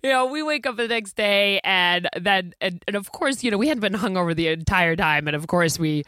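Bright-voiced woman telling a rambling story. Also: mid-range voice, normal speed, no room sound, clean studio sound. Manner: rambling, laughs often, acts out quotes. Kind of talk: casual anecdote.

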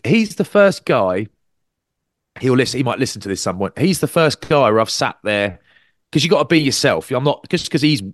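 Lively man telling stories. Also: no echo, studio quality. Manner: animated storyteller, acts out quotes with big pitch jumps. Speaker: podcast co-host and rugby commentator. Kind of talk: casual chat.

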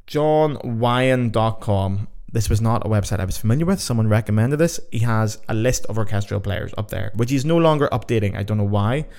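A man's voice: on the low side, vocal fry, a little mellow. A young Irish man hosting his own podcast, talking casually and rambling, swearing freely. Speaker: podcast host. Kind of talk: casual solo podcast chat.

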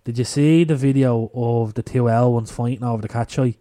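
A man co-hosting a casual podcast chat, swearing freely and slipping into loud silly impressions. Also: medium pitch, steady tone, brisk, no echo, clean studio sound. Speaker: podcast co-host.

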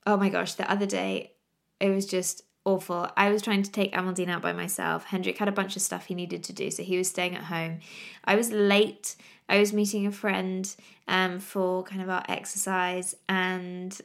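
A woman's voice: fairly low pitch, flat delivery, normal speed, gravelly. A woman, hosting a podcast and chatting in a laughing, exasperated storytelling way. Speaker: podcast host. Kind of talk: casual chat.

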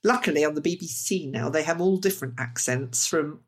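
A woman's voice: deep voice, a little fast. A middle-aged woman in casual podcast chat, talking in a chatty way and giving her opinions freely.

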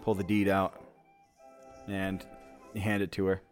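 A man in a tabletop game casually narrating his character's actions with halting pauses. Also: low-pitched, completely flat delivery, smooth, faint music behind. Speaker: player.

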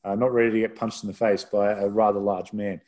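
A man's voice: fairly low pitch, flat delivery, brisk, a little mellow. A man who works as a rugby broadcaster, telling a self-deprecating story in a casual podcast chat.

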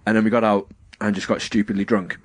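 A man's voice: fairly low pitch, flat delivery, fast talker, dry recording. Man telling rambling pub stories, dry close mic. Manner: rambling anecdotal storytelling with many fillers, mimics people he quotes. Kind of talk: casual chat.

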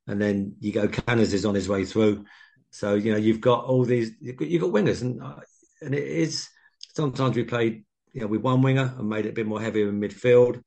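A former footballer in his sixties telling long anecdotes in an interview. His voice is low and gravelly, and he rambles, restarts and jumps between memories. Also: fairly even intonation, brisk, a little mellow. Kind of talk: casual interview.

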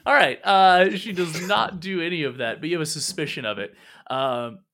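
Bright-voiced man running a tabletop game. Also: a little high, expressive, fairly quick. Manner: rambling, many fillers, laughs often. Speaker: game master.

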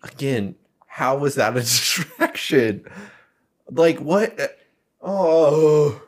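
A man co-hosting a casual podcast, cutting in with snarky jokes and reactions. His voice is animated, with big swings in pitch. He sounds loose and irreverent. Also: takes it slowly, husky. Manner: wisecracking, interjecting. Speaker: podcast co-host. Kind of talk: casual banter.

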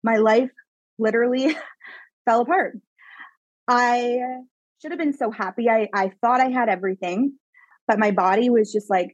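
A woman from Canada, a guest telling her life story in a podcast interview, animated and emphatic, with many casual "like" fillers. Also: fairly high pitch, normal speed, long pauses, dry recording, muffled recording. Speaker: guest, psychic medium mentor.

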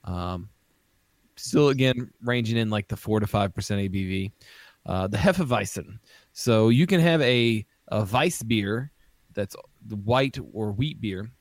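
A man's voice: on the low side, unhurried, no room sound. A man co-hosting a casual podcast, walking through beer styles with frequent ums and restarts. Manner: hesitant, many ums and restarts. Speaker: podcast co-host.

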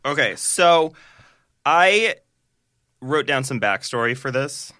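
A man's voice: medium pitch, expressive, slow pace, bright, forceful tone, no room sound, clean studio sound. A young man co-hosting a comedy podcast, telling rambling stories in a playful, casual way. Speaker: podcast co-host.

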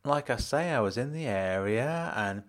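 A man's voice: medium pitch, animated, normal speed. A man narrating an audiobook in the first person, dry and matter-of-fact.

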